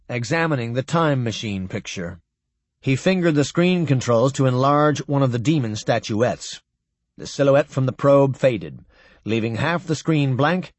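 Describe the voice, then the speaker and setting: A man reading a novel aloud with lively, expressive narration. His pitch moves a lot, and the recording is close and dry. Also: no echo. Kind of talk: audiobook narration.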